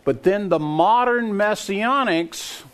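A man's voice: high-pitched, lively intonation, slow pace, a bit bright. An older man preaching a sermon, emphatic and scoffing, often putting questions to his listeners. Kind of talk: sermon to a congregation.

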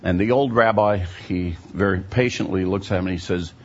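Low gravelly man teaching, lo-fi sound. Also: fairly quick, a little hiss or hum. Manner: explanatory, often checks in with the audience. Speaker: Bible teacher. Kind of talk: teaching sermon with a story. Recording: dull lo-fi recording.

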